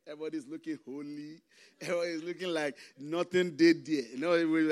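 A man, a pastor preaching a sermon with impassioned swings between loud emphasis and hushed asides. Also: fairly high pitch, fairly even intonation, brisk. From Nigeria.

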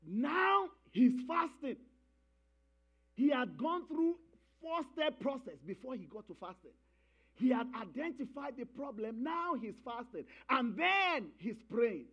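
A man's voice: very high-pitched, very animated, a little slow, fairly bright tone, muffled recording. A man preaching a sermon, emphatic, repeating key phrases and calling for responses from the congregation.

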